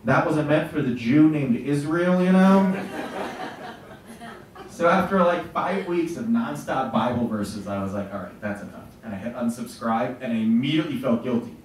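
A man's voice: mid-range voice, expressive, moderate pace. A middle-aged man doing stand-up comedy, telling stories in a punchy, profane way. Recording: echoey room, mic from far off.

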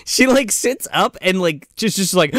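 A man co-hosting a podcast, riffing on a movie in halting, profane banter. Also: high-pitched, expressive, a bit bright, dry recording. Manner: halting, filler-heavy, profane. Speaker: podcast co-host. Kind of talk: casual movie-review banter.

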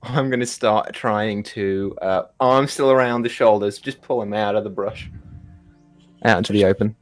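A young man playing a tabletop game, excitable and animated. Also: moderate pace. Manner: excitable, jumps into high squeaky character voice. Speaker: player.

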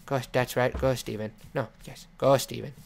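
A man's voice: medium pitch, fairly even intonation, moderate pace, a little mellow. Playful man scolding his game pet. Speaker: let's play host. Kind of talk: gameplay commentary. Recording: clear background noise with clicking.

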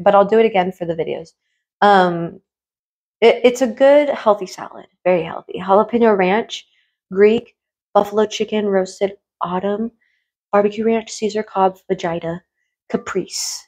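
A woman in a casual mukbang chat, eating and rambling in a hushed tone, full of fillers and the odd swear. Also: medium pitch, a little fast. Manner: speaks in a hushed tone while eating. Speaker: food vlogger and streamer.

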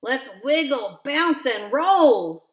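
A woman's voice: high-pitched, big pitch swings, drawn-out words, heavily acted. A woman voicing a friendly, lonely little male lion cub who keeps asking others to play with him, in a storybook reading. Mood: eager. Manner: pleading, hopeful questions. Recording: roomy echo.

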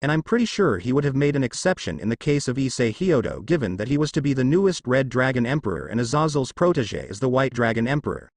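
A man reading a fanfic aloud, voicing a calm, menacing young male demon ninja who talks dryly and pleasantly. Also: mid-range voice, fast talker, hardly any pauses, no room sound. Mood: cool. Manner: dry, pleasant, quietly threatening.

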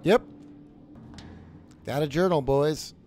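A man's voice: on the high side, slow pace, a little mellow, a little hiss or hum. A man streaming a horror game, chatting casually to viewers, jokey and swearing as he plays. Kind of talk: casual live game commentary.

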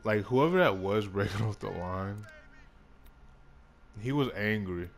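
Young man reacting loudly to a game. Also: on the low side, lively intonation, measured pace, creaky, a little hiss or hum. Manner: swears freely, frequent outbursts at the game. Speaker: gaming YouTuber. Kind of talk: casual live commentary over gameplay.

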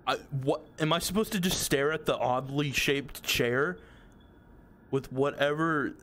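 A young man with a fairly high, slightly bright voice gives nervous let's-play commentary on a horror game, unhurried yet jumpy. He swears and pleads with what he sees on screen.

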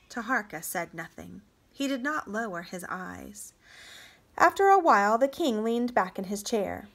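A woman reads a novel aloud for a homeschool class. She narrates slowly and evenly, her voice sitting in a middle register. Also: medium pitch. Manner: slow, even read-aloud narration.

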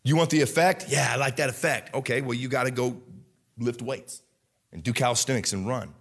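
This slightly rough male voice belongs to a pastor delivering a sermon in a Midwestern American accent. He moves between quiet earnestness and loud, fervent outbursts, frequently stopping, starting over, and filling gaps with fillers.

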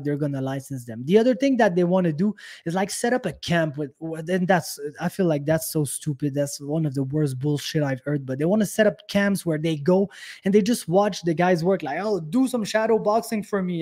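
Pissed off young quebec guy ranting, keeps cussing and restarting, voice a bit high. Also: warm tone. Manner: heated, profane, repetitive restarts. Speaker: podcast host. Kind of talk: angry casual rant.

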